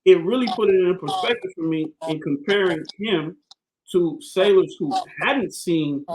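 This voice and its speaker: A man tells animated, slangy stories about his Navy days as a podcast guest. His voice sits on the high side, and a faint hiss runs behind him. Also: moderate pace. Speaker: podcast guest, Navy command master chief. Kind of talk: casual storytelling.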